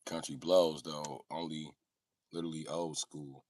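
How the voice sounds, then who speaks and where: A man's voice: sits low, normal speed, breathy edge, dry recording, recorded from a distance. A man hosting a livestream, ranting casually and joking with lots of swearing. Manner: animated, joking, swings loud and quiet. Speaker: livestream host. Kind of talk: casual profane comedic rant.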